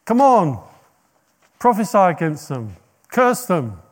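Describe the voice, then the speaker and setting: A man's voice: big pitch swings, slow pace, full character voice. A preacher doing a pushy, pleading king. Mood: urgent. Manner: pleading, urgent, raised pitch. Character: pushy desperate male king demanding a curse.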